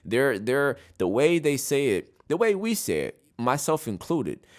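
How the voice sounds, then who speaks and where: A man's voice: medium pitch, sing-song, a little slow. A man hosting a casual solo podcast, talking through his opinions and often checking in with "right?". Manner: opinionated, repeats "right?" often, frequent restarts. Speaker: podcast host.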